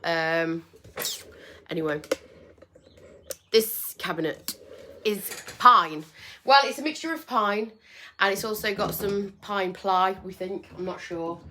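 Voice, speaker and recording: A woman's voice: on the low side, unhurried, pauses often, sharp tone, a little hiss or hum. A woman hosting a casual livestream from home, chatty and self-deprecating, with lots of ums. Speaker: furniture painter and livestream host. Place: home with doors open.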